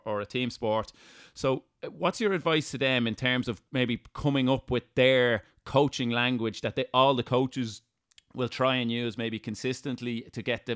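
A male podcast host with a smooth, resonant voice at a middling pitch. He talks loosely and conversationally, circling around his questions with hesitations. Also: a bit bright. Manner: rambling, many fillers and restarts.

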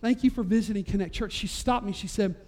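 Speaking quickly, a pastor delivers a sermon in his church sanctuary, spinning a lively story. His voice swells to near-shouting whenever the story peaks.

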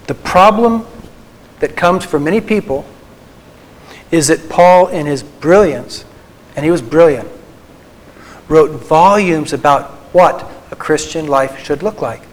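Christian psychologist addressing a group; earnest, tender delivery, slightly higher male voice. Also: poor audio. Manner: earnest, tender, slows for emphasis. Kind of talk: faith talk to a live group.

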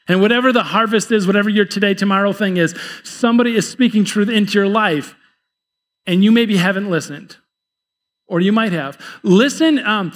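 A man's voice: high-pitched, long reverb tail. A man preaching a sermon in a church, conversational and repeating words as he builds his points. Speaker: pastor. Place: church sanctuary.

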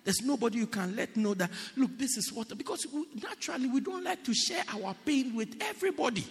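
A man preaching a sermon to a congregation in an animated, playful, teasing way, heard with long reverb in a church hall. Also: very high-pitched, fairly quick.

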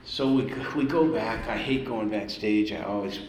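An older man who composes music, telling lively anecdotes to an audience and jumping up in pitch to stress a point. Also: normal speed, echoey room, in a large hall, slight background noise, rough recording. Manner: animated anecdotes, swings up in pitch for emphasis. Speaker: composer, speaker at an event. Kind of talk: storytelling to an audience.

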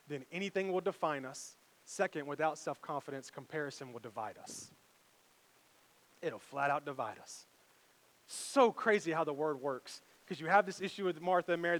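A man preaching a sermon as pastor, conversational and animated, firing rhetorical questions at the congregation. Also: high-pitched. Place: church sanctuary. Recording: echoey hall reverb.

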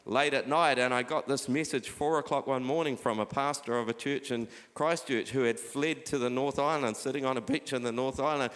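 New pastor preaching in a hall. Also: male voice, fairly high pitch. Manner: conversational, warm preaching with scripture readings. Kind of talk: sermon. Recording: live hall with long reverb.

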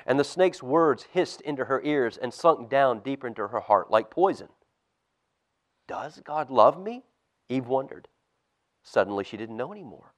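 A man, a pastor, reading a storybook aloud to children in church with expressive, animated storytelling. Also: medium pitch, moderate pace. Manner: expressive storytelling, lively swings in loudness.

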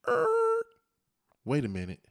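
A man's voice: medium pitch, wildly swooping pitch, unhurried, gravelly. A man in casual conversation, animatedly telling a story and acting out the voices of the people in it. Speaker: husband telling his story.

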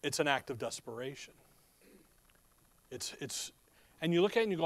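A man preaches in an easy, conversational way and slips into stories. His voice sits a little high for a man. The sound is close and dry, with no room echo. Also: brisk, long pauses, fairly bright tone. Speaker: pastor. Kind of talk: sermon.

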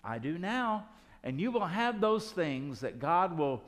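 A man's voice: high-pitched, sing-song, unhurried, long reverb tail. A man preaching a sermon as pastor, telling a story in a conversational way full of rhetorical questions.

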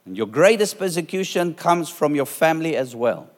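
A middle-aged male pastor preaching to his congregation in a slightly high voice, hammering each point with repetition. His words ring out with a long reverb from the church hall around him. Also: big pitch swings, moderate pace. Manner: emphatic preaching with repeated phrases and rising force. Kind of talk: sermon.

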